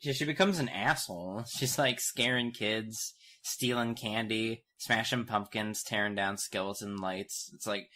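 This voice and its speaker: Young male co-host with a bright, lowish voice, energetic and profane, acting out lines as he recaps. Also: unhurried, few pauses. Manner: animated, profane, acts out quotes. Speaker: podcast co-host. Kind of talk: casual comedic recap chat.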